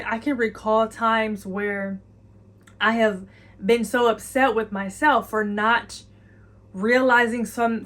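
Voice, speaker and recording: Earnest woman giving a channeled message. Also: fairly high pitch. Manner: earnest, repetitive, encouraging, speaks in the listener's voice. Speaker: intuitive channeling reader.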